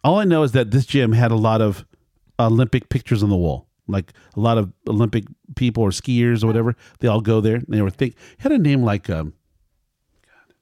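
A man's voice: fairly low pitch, fairly quick, mellow, no echo, clean studio sound. A middle-aged man telling a family story in casual conversation, rambling and correcting himself as he acts out quoted lines.

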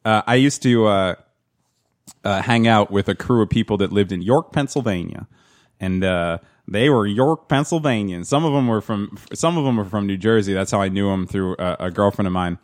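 A man's voice: on the low side, normal speed. A man hosting a casual podcast, rambling and profane, with lots of fillers and laughter. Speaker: podcast host.

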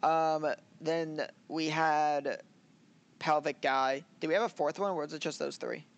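A man's voice: on the high side, steady tone, measured pace, muffled recording. A man co-hosting a casual anime review chat, rambling, laughing and acting out scenes as he talks. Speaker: podcast co-host.

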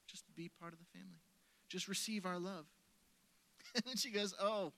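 A pastor preaching a sermon in a church service, telling stories conversationally and swinging from loud emphasis down to soft, lowered lines. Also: male voice, moderate pace, gravelly, long pauses.

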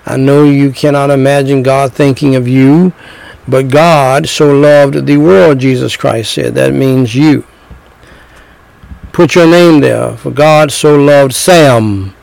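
A middle-aged man preaching a sermon, slow and emphatic, repeating phrases and telling stories. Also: mid-range voice, fairly even intonation, vocal fry, darkish tone, no echo, rough recording.

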